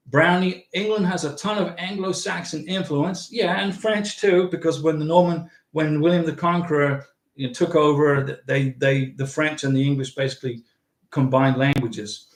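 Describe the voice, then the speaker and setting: High-pitched guy rambling on his livestream, reading out chat, lots of room echo. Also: normal speed. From United States. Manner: rambling, talks back to viewers' chat. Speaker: livestream host.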